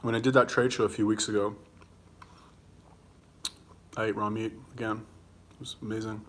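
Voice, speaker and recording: A man's voice: on the low side, level tone, moderate pace, a bit bright. A young man hosting a casual livestream, answering viewer comments bluntly and combatively, swearing freely and talking while he eats. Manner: talks while eating.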